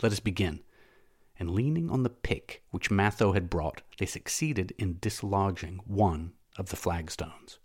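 Low-voiced man narrating an audiobook. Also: unhurried, few pauses, darkish tone. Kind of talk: audiobook narration of a classic novel.

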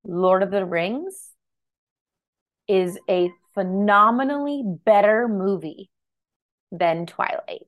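A woman's voice: mid-range voice, slow, pauses often. A woman co-hosting a film podcast in casual chat, playful, teasing and opinionated. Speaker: podcast co-host.

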